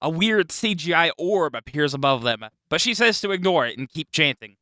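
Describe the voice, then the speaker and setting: A man's voice: fairly high pitch, lively intonation, moderate pace, sharp tone, no room sound. A man co-hosting a podcast, making wry joking asides and reading his movie recap notes. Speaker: podcast co-host. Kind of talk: casual chat.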